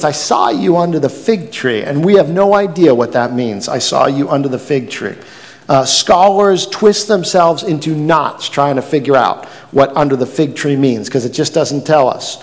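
A man's voice: a little high, in a large hall. A man preaching a sermon as pastor, telling stories with animation and acting out quoted lines.

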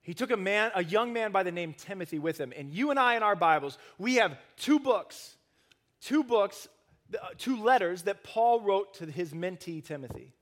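A man preaching a sermon, earnest, rising to emphatic stresses and then dropping soft and low. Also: expressive, moderate pace. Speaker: pastor.

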